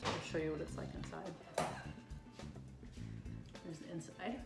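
A woman with a fairly low voice hosts a casual food review, chatting and joking as she goes. The room echoes a lot, and music plays behind her. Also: huge pitch swings, measured pace. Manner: chatty, joking, self-deprecating.

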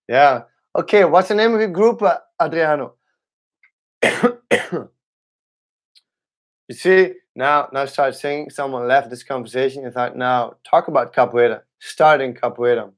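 A young man, a capoeira teacher, chatting casually on a livestream, halting and restarting his sentences often. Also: fairly high pitch, expressive. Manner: halting, with many restarts and fillers. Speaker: capoeira instructor.

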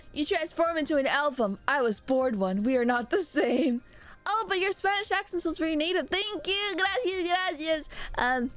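A young woman from Mexico streaming and chatting loosely with viewers, loud and rambling, often laughing at herself. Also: on the high side, smooth, no echo. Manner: loud, rambling, self-mocking, quick laughs. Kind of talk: casual live-stream chat with viewers.

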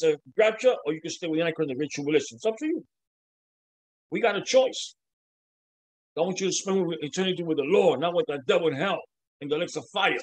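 An impassioned male preacher with a voice pitched a little above most men's. He preaches in loose, repeating bursts, stumbles over his words, and slips in casual slang. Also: rough recording. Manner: casual slang like "man" and "bro". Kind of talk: sermon.

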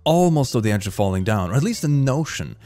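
A man giving casual, animated commentary on video clips, laughing often and breaking into quick exclamations. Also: medium pitch. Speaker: reaction video host.

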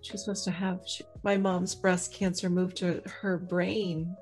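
A woman's voice: fairly low pitch, little pitch movement, normal speed, a little mellow, faint music behind. Woman podcast host, supportive and chatty. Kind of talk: casual interview chat.

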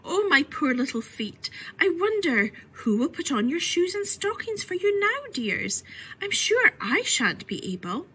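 A woman voicing a curious, fretful little Victorian girl in a storybook reading, switching between a bright voice and hushed whispers. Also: very high voice, big pitch swings, unhurried, pitched above the performer's own voice, heavily acted, rough recording. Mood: musing.

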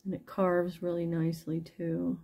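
A woman's voice: on the low side, completely flat delivery, normal speed, dark tone. A woman chatting casually as she shows and prices jewelry pieces one by one, talking to her viewers. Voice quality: gravelly, husky. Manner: chatty, pricing each piece aloud as she goes. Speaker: online jewelry seller. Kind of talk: casual live sales chat.

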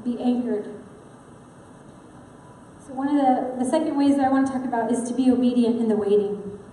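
A woman's voice: on the high side, fairly even intonation, brisk, dark tone, a little hiss or hum. A woman preaching an earnest, personal sermon in a church sanctuary, talking conversationally with frequent fillers. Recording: echoey hall with long reverb.

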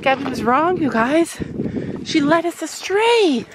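A mother vlogs casually to camera while walking outdoors on a farm, through woods and fields, chatting upbeat and laughing often. Her voice is high and animated, she speaks a little slowly, and the background is noisy.

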